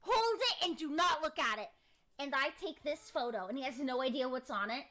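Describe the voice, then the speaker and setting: A woman streamer telling jokey stories in an animated, dramatic way, heard in a clip. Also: high-pitched, brisk. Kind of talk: casual storytelling chat.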